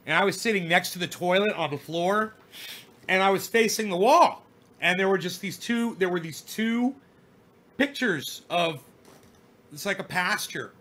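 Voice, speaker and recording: A man with a bright, forceful, somewhat high voice tells a long personal story straight to the camera. His talk is loose and profane, and he circles back and repeats himself as the memories come. The delivery is relaxed and casual, never scripted. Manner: rambling, profane, repeats himself while remembering. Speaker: vlogger telling a personal story.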